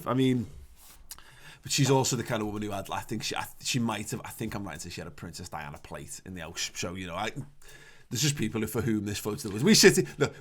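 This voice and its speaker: A man co-hosting a casual podcast, wry and sarcastic, trailing off with hesitant fillers. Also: fairly low pitch. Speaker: podcast co-host.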